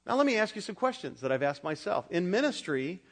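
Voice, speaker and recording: Emphatic high-voiced male preacher. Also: big pitch swings, a little fast. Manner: emphatic, call-and-response with congregation. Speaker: pastor. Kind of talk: sermon. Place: church.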